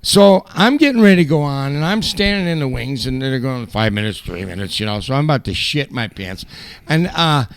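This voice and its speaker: A man, a rock vocalist, telling profane road stories loudly in a casual interview, now and then breaking into improvised song. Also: medium pitch, animated, a little fast, no echo. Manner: loud, profane, bursts into improvised singing. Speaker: guest vocalist.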